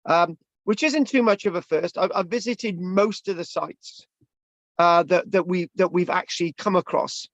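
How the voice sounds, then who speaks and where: A man's voice: high-pitched, normal speed, no room sound, poor audio. A man teaching an online history class in a jokey, rambling way, often stumbling and repeating words, over a video call. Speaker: history lecturer.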